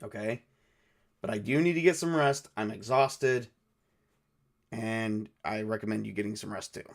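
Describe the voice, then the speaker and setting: A man playing a cautious, level-headed coder who speaks in a calming, reassuring way. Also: fairly low pitch, normal speed, pitched below the performer's own voice, close to an everyday voice. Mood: guarded.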